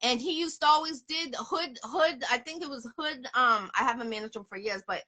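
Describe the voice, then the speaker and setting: A woman hosts a relaxed interview, her voice high and bright. She talks emphatically, circling back to the same points again and again. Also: normal speed. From Boston area. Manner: emphatic, repeats herself, promotional. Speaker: host. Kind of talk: casual interview chat.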